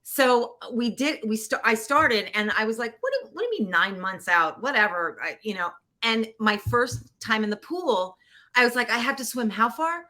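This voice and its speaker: A woman guest on a podcast telling a personal story in a casual, animated way, acting out quoted voices and getting teary. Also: a little high, moderate pace. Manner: animated, acts out quoted voices, laughs often. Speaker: podcast guest, producer and actor. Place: Los Angeles.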